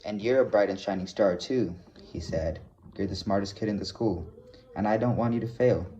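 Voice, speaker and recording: A man reading aloud as an earnest middle-aged male teacher, speaking low and intently on a dull lo-fi recording. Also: normal speed, dark tone, a little hiss or hum, lightly acted.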